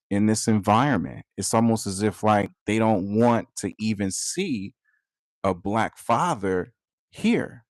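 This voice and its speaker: A young man from Detroit delivering an earnest commentary monologue in a slow, measured way with pauses. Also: fairly low pitch, a little mellow, no echo, clean studio sound. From Detroit, USA. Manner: earnest, emphatic, rising sharply when upset. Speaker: channel host.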